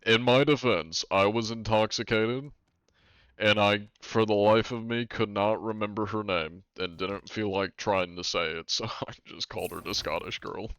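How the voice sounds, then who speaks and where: Deep-voiced laid-back male streamer. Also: steady tone, moderate pace, a bit bright, clean tone, dry recording. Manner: laid-back, wry, swears casually. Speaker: game streamer. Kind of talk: casual live-stream chat.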